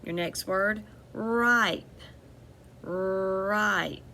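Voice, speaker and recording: A woman's voice: lowish voice, slow pace, a bit bright, a little hiss or hum. A woman teaching a phonics lesson to children, patiently repeating each word and giving step-by-step instructions.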